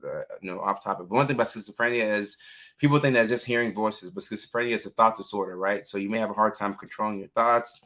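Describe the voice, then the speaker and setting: Bright-voiced man chatting on a livestream. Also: lowish voice, fast. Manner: chatty, reads viewer names aloud, many fillers. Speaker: livestream host, mental health clinician. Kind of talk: casual livestream chat.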